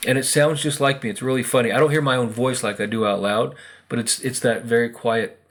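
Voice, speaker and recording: A man's voice: mid-range voice, fairly even intonation, fairly quick. Rambling American man musing aloud. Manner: rambling, many fillers and quoted asides. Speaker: spiritual video host. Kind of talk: casual monologue.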